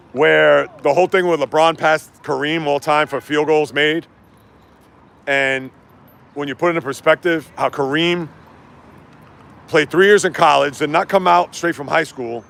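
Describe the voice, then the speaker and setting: This sports livestreamer is out walking as he rants and reacts animatedly to comments from chat. He speaks in a slightly high, creaky voice.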